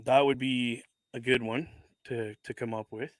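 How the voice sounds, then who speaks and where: A man's voice: medium pitch, steady tone, measured pace, no room sound. A man hosting a casual livestream, chatting as he unboxes, rambling, correcting himself and swearing casually into a desk microphone. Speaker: livestream host.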